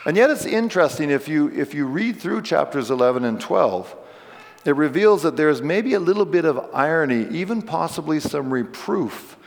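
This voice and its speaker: Male pastor, mid-range voice, plain relaxed sermon delivery, church reverb. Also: mid-range voice. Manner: conversational, explains scripture with casual asides. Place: church sanctuary.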